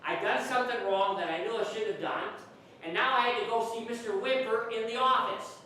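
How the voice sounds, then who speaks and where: A children's entertainer with a high, sharp voice speaks fairly quickly while telling playful comic stories to kids in a church hall, chatting with them and asking questions. The recording sounds distant, with a very echoey hall and faint hiss.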